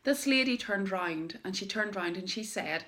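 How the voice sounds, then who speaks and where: Lively woman telling a motivational story. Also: medium pitch. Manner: lively, emphatic storytelling with dramatic pauses. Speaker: direct-sales business owner. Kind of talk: motivational personal story to camera.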